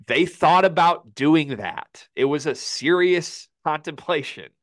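Podcast co-host, male, heated sports rant, voice spikes high when angry. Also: a bit bright, dry recording. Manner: quick explanatory delivery. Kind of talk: college basketball podcast rant.

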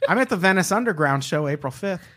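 Man, podcast co-host, wry teasing banter, lively pitch swings. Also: fast. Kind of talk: casual chat.

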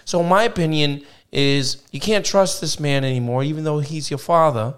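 A man voicing a blustering middle-aged mobster boss in a comic podcast bit, loud, gruff and full of swearing. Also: sits high, flat delivery, normal speed, pitched above the performer's own voice, close to an everyday voice. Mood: scornful.

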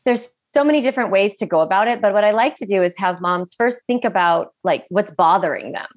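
A woman's voice: medium pitch, brisk, highs cut off. A middle-aged woman, a parenting coach, talking in a podcast interview and acting out parents' voices as she explains. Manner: animated, acts out parents' voices in quotes.

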